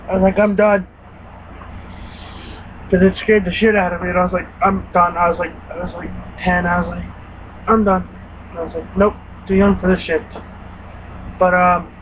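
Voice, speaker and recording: A high-voiced young man tells rambling, profane stories, acting out his own startled reactions. The sound is thin and phone-like, with a faint hiss behind it. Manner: profane, animated retelling with quoted reactions. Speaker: gaming vlogger. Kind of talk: casual rambling story.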